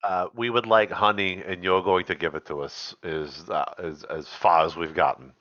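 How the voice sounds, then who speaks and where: A man playing a tabletop game in a deadpan, matter-of-fact way. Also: deep voice, normal speed, dry recording, lo-fi sound. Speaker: player.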